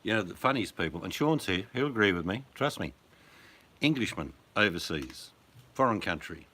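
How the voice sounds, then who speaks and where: Older Australian man, low and bright-toned, casual rambling storyteller. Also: sing-song, normal speed, breathy edge. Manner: rambling storyteller, chuckling, loud put-on voices in anecdotes. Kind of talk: casual chat.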